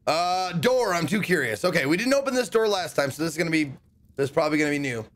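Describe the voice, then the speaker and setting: High-voiced man streaming a game. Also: very animated, quick pace, a bit bright. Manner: thinking aloud, hesitant, self-correcting. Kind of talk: casual live commentary.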